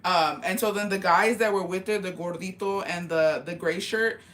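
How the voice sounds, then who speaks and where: Woman vlogger, crisp bright tone, profane and heated casual storytelling. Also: on the low side, steady tone. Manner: profane, heated, rapid retelling.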